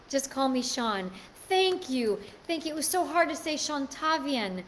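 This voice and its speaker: A woman's voice: sits high, expressive, unhurried, fairly bright tone, a little hiss or hum. A woman hosting a live stream, chatting casually and answering viewer comments. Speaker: livestream host.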